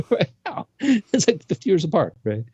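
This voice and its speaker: A man co-hosting a casual talk radio show, talking in an animated way and pushing his voice up when he makes a point. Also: moderate pace, slightly rough, no echo, dull audio. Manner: animated, jumps pitch when making a point. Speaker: co-host.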